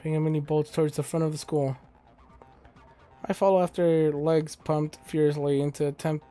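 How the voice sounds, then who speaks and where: A young let's play host reads a game's text aloud on stream, breaking off between lines for crude, joking asides. His voice is on the high side and mellow, with faint game music in the background.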